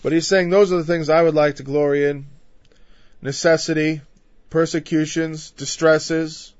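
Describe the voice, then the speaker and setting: A man preaching a conversational Bible-teaching sermon. He is emphatic, builds louder through lists and drops in frequent "you know" asides. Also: a little high, flat delivery, normal speed, dry recording. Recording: dull, dry lo-fi recording.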